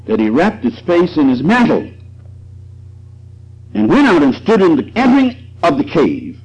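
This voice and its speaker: A man's voice: on the high side, darkish tone, slightly rough. A man preaching a sermon, with chuckling asides and emphasis that swells and drops. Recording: dull lo-fi recording.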